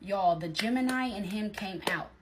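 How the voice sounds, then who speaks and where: A woman's voice: mid-range voice, moderate pace, slight background noise. A woman telling a personal story in casual storytime style, talking straight to her listeners with lots of emphasis.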